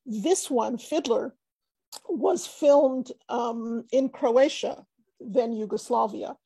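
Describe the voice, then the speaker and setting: A woman's voice: fairly high pitch, slow, creaky, mellow, husky, no room sound. A woman giving an academic panel talk over a video call, hesitant with many fillers and restarts.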